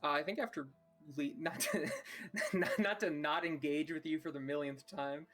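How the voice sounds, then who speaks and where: A man's voice: fairly high pitch, steady tone, moderate pace, fairly bright tone, soft background music. Man player, casual and easygoing, explaining his character's choices. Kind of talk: tabletop game play.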